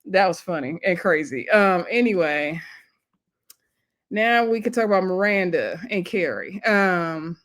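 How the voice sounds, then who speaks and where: A woman's voice: lowish voice, expressive, measured pace, a bit bright. A woman recapping a TV episode in a casual, chatty way, often laughing as she tells the story. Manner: chatty, laughing storyteller who acts out quotes. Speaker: TV show reviewer.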